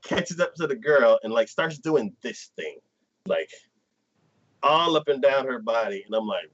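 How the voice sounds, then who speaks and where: Man, livestream host, casual chat, lively swooping pitch, muffled lo-fi sound. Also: normal speed. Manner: animated plot retelling, acting out characters in quotes. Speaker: anime podcast host.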